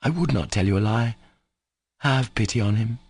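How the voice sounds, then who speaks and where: A man's voice: mid-range voice, moderate pace, darkish tone, husky, no room sound. A man doing an emphatic, pleading young man. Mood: insistent. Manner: emphatic, urgent. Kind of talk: audiobook character voice.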